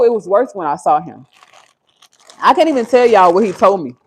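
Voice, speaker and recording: A woman's voice: on the low side, darkish tone. A woman hosting a livestream from her home, telling a personal story in a heartfelt, confessional way and talking straight to her viewers. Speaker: livestream host.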